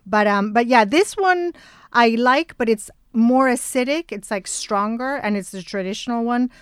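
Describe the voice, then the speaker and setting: A woman's voice: a little high, normal speed, smooth, dry recording, clean studio sound. A woman from Spain with a Spanish accent, a native Spanish speaker, co-hosting in English, reminiscing and sometimes searching for words. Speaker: podcast co-host. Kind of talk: casual conversational chat.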